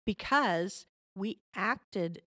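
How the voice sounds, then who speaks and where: A woman's voice: mid-range voice, expressive, extremely slow, bright, forceful tone, no echo, studio quality. A middle-aged woman giving parenting advice as an interview guest, patient and explanatory, often checking in with the listener.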